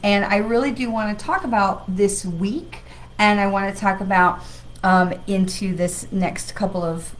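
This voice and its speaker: A woman's voice: mid-range voice, a little slow, a little hiss or hum, poor audio. A woman hosting a weekly livestream as a psychic medium, talking in a chatty, rambling, enthusiastic way with an occasional cough from travel. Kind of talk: casual livestream talk.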